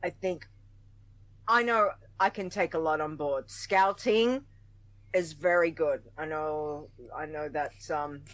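A woman's voice: low voice, slow, a bit bright, no room sound, rough recording. A woman co-hosts a gaming podcast, chatty and prone to giggling. Her voice sits close and dry with no room sound. She runs through thank-yous and sign-offs in easy casual talk. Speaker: podcast co-host.

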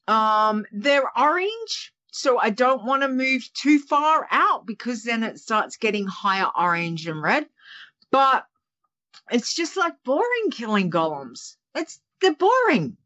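A woman's voice: high voice, sing-song, slow pace, sharp tone. A woman in a casual podcast chat, rambling and chatty, restarting her sentences and adding asides. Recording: dull lo-fi audio.

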